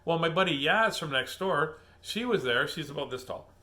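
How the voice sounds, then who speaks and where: A man's voice: on the high side, animated, moderate pace, sharp tone. A middle-aged man hosting a casual book reading, rambling and laughing as he gets sidetracked. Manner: laughing, chatty, easily sidetracked. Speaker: host reading children's books aloud.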